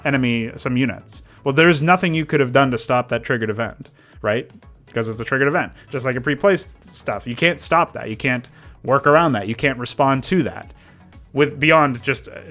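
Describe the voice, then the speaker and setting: With faint background music behind him, a man livestreams as he works on a game mod, chatting loosely about design and replying to chat in a rambling, stop-and-restart way. He's a modding streamer whose voice is medium in pitch, bright and forceful.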